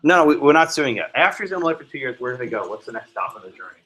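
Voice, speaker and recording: Man lecturing law students in a classroom, bright and pointed, keeps checking in with "okay?". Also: medium pitch, sing-song, racing, slightly rough, poor audio. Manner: questions students by name, frequent "right?" and "okay?". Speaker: law professor.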